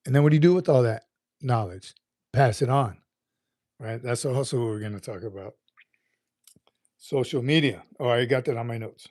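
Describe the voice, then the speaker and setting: A man's voice: mid-range voice, normal speed, long pauses, darkish tone, no echo, studio quality. A man hosting a casual livestream, greeting viewers by name in an upbeat, folksy, rambling way. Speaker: livestream host.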